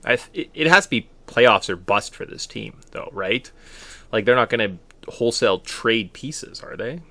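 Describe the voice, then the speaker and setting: A man's voice: mid-range voice, lively intonation, normal speed, pushed and bright, dry recording. A man from Canada co-hosting a casual sports podcast, tossing in playful jokes between his takes. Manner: joking, playful asides. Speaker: podcast co-host.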